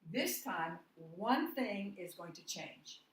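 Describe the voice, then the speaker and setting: Slow, echoey woman teaching phonics. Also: fairly low pitch, animated. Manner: slow, deliberate, spells words out letter by letter. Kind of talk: phonics lesson. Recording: echoey room, voice from far off the mic.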